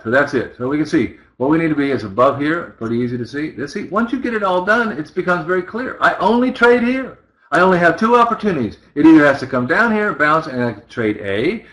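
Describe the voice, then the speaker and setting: A man's voice: mid-range voice, fairly bright tone, poor audio. A man teaching currency trading, talking casually through his charts and often checking in with listeners. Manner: conversational, talks while working, asks listeners rhetorical checks. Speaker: trading instructor. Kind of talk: live chart walkthrough.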